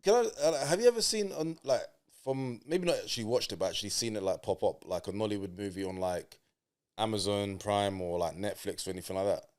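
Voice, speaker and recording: A man as a guest on a casual film review podcast, chatting quickly with lots of fillers. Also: fairly low pitch, smooth. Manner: quick, animated, full of "like" fillers.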